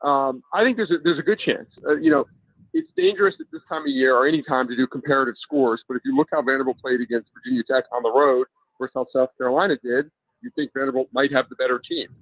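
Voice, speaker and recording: A man's voice: mid-range voice, expressive, fast talker, creaky, no echo. A man who is a college football editor, giving sports radio analysis over the phone in an analytical way, stammering and restarting at times. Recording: tinny phone line.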